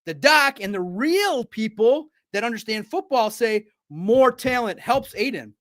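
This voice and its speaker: Animated high-voiced man talking sports. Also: unhurried. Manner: animated, jokey riffs with sudden loud bursts. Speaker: sports show host. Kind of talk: casual sports commentary.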